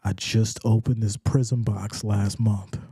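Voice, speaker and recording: A man's voice: lowish voice, fairly even intonation, slow pace, warm tone, breathy edge, no room sound, studio quality, heavily acted. A man putting on a pushy card-seller hustler. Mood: hyping. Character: pushy male trading-card seller hyping his sales.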